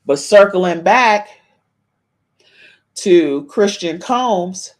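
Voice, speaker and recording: A woman's voice: fairly low pitch, lively intonation, very slow. A woman hosting a casual live-stream gossip podcast, reading viewers' chat comments aloud and calling out meow to them. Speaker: podcast host.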